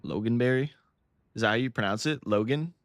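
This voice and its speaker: A man's voice: medium pitch, brisk, dry recording. An American man chatting casually to his live-stream chat, often laughing, swearing and stumbling over words. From United States.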